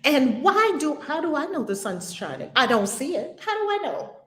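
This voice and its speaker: A woman's voice: sits high, very animated, normal speed, reverberant. A woman leading a spiritual lesson at home, asking many rhetorical questions in an emphatic way. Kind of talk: spiritual teaching with questions to a student.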